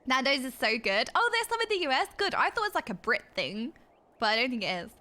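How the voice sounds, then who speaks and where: Bubbly high-voiced woman streamer. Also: big pitch swings, fast talker, sharp tone. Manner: bubbly, giggly, chatty, reacting to chat. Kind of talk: casual chat with livestream viewers. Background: background music.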